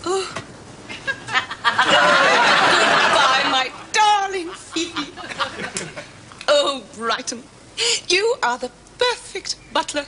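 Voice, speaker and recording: A woman's voice: very high-pitched, expressive, extremely slow, long pauses, pushed and bright, some chatter behind, a little hiss or hum, exaggerated voice. An actress playing a bossy lady giving orders to her butler and husband in a comedy sketch. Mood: imperious. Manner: imperious, plummy upper-class diction. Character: bossy upper-class English lady of the manor.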